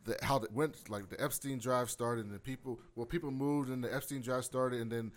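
A man's voice: medium pitch, steady tone, a little fast. A man co-hosting a casual TV recap chat, often laughing and acting out characters' lines. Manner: laughing, acts out quotes. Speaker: podcast co-host.

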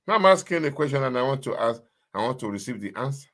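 A man's voice: mid-range voice, sing-song, quick pace, fairly bright tone. Emphatic man preaching. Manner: emphatic, repetitive preaching with call-and-response questions. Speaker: pastor. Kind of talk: sermon.

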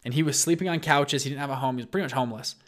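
A man's voice: mid-range voice, rapid-fire. A man hosting a show, casually retelling stories and acting out the quoted lines. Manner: animated, acts out quoted lines, frequent restarts. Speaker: show host. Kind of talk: casual storytelling talk.

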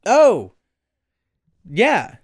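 A man's voice: high-pitched, wildly swooping pitch, very slow, husky, dry recording, clean studio sound. A man co-hosting a podcast in casual chat, rambling with fillers and laughing often. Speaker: podcast co-host.

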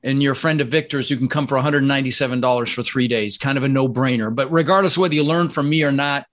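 A man from the Netherlands, a podcast guest, talking in a casual interview with energetic, emphatic delivery. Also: fast. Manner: energetic, emphatic, jumps up in pitch when excited. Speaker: podcast guest, real estate investor.

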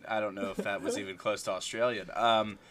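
A man's voice: lowish voice, steady tone, fairly quick, crowd noise. A young man chatting casually about a movie, rambling with lots of fillers and restarts.

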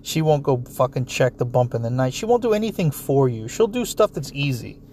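With a medium-pitched voice and a fairly quick delivery, a man unloads a profane, blunt monologue as a solo commentator, swearing heavily and talking directly at listeners with animated energy. A little hiss or hum can be heard.

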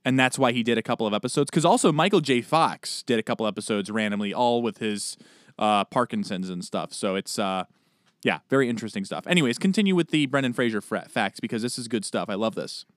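A man co-hosting a podcast in casual chat, animated and joking, with quick asides. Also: medium pitch, no room sound, studio quality. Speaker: podcast co-host.

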